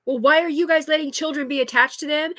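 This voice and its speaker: A woman's voice: high-pitched, steady tone, quick pace, fairly bright tone, dry recording. A woman, likely in her thirties, talking agitatedly and rambling with heavy swearing in an unscripted live stream on a phone. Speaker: livestreamer.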